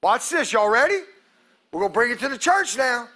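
A male pastor preaching a sermon to his congregation, calling out to them and acting out quotes, breaking into loud shouts at the peaks. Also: very high-pitched, big pitch swings, a little fast. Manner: preaching with call-outs to the congregation, acts out quotes. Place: church sanctuary.

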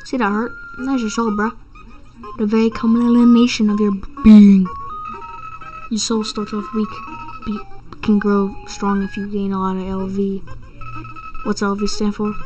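Loud, jokey read of a cheerful menacing flower, by a woman reading game text. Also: mid-range voice, level tone, a little slow, pauses often, highs cut off, soft background music, close to an everyday voice. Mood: mock-friendly. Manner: reads game text aloud, adds slang jokes. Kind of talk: reading game dialogue aloud.

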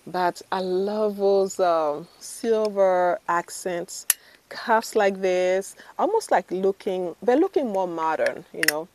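Trying on bangles in a haul video, this female fashion vlogger speaks slowly in an animated, medium-pitched, slightly mellow voice. She's gushing and chatty, restarting often and leaning on fillers.

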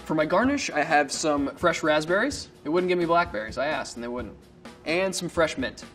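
A man's voice: on the high side, expressive, moderate pace, a bit bright, soft background music. A man who is a home cook chatting casually and jokingly about his dessert. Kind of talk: casual cooking talk.

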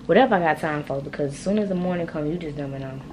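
Young woman, deep-set speaking voice, chatty rambling college vlogger. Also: racing, noisy background. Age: young adult. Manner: rambling and chatty, talks straight to viewers. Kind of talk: casual vlog chat. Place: her room at home at night.

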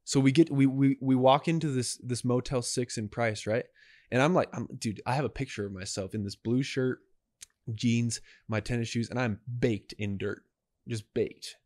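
A young man co-hosting a podcast, telling a story in a casual, animated way and acting out what people said. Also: medium pitch, normal speed, no room sound. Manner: animated, acts out dialogue. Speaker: podcast co-host.

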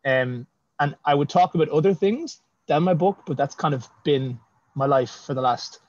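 Over dull, lo-fi video-call audio, a self-published fantasy author chats as a guest in a relaxed interview. His voice is fairly high and a little mellow, at a moderate pace, and he laughs a lot while poking fun at himself.

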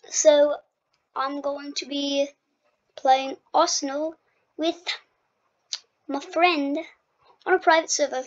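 A woman hosting a gaming video, chatting casually and playfully while she plays, quick to protest and tease. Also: high-pitched, little pitch movement, dull audio. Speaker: gaming channel host. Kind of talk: casual gameplay commentary.

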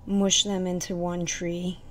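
A woman's voice: on the low side, flat delivery, takes it slowly, a bit bright, slight background noise. A woman with a stuffy nose hosting a card-making channel, chatting casually as she explains each step in a crafting tutorial voice-over.

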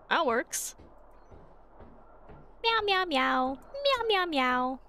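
A woman streaming a video game live, commenting excitedly and shrieking when startled. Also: sits high, slight background noise.

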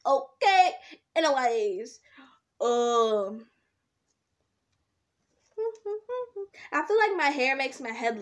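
Slow, high-voiced young woman vlogging. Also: a bit bright. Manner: chatty, rambling, self-talking with drawn-out words. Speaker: slime vlogger. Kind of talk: casual rambling vlog chat. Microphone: camera set up nearby.

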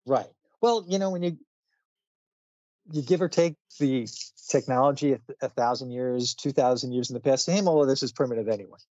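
A man's voice: mid-range voice, fairly quick, darkish tone, dry recording, dull audio. A man casually retelling a comic book story on a podcast, chatty, with many fillers and frequent laughs. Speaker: podcast co-host.

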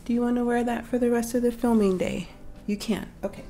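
Over background music, a woman with a fairly quick, steady voice on the high side hosts a toy unboxing video. She strings beads and chats casually to her viewers, her voice slightly off from being sick. She speaks right to them, corrects herself and laughs a little.

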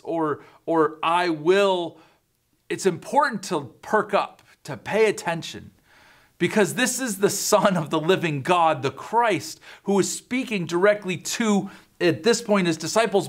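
Youth pastor guy, high voice, talks real slow and earnest, lots of uhs. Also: fairly bright tone. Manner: earnest, slow, with fillers and restarts. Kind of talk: sermon to students.

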